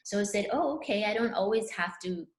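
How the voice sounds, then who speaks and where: A woman speaking as a spiritual counselor, telling a personal story in an earnest, animated way. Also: mid-range voice, brisk, echoey room. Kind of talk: casual conversation.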